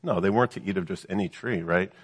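A man with a low, slightly husky voice teaches from scripture, reading each verse and then unpacking it. He keeps checking in with his listeners through rhetorical questions. His voice carries a long reverb, as if spoken in a large hall. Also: fast talker. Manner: reads scripture then explains it, with frequent rhetorical "right?" questions. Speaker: preacher. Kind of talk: Bible teaching sermon.

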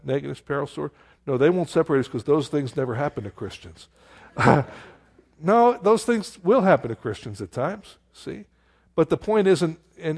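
Animated pastor preaching. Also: male voice, fairly high pitch. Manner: animated and conversational, rhetorical questions, exclaims "how stupid". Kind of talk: expository sermon.

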